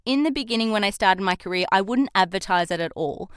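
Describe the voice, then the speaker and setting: Smooth-voiced Australian woman. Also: mid-range voice, animated, fast, fairly bright tone, dry recording, studio quality. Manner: chatty, laughs easily. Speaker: voice actress guest. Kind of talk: casual interview chat.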